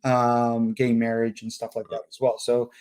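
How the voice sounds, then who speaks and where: A man's voice: medium pitch, completely flat delivery, normal speed, a little mellow, clear, resonant tone. Blunt joking male co-host. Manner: blunt, crude jokes, repeats words. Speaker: podcast co-host. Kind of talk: casual political chat.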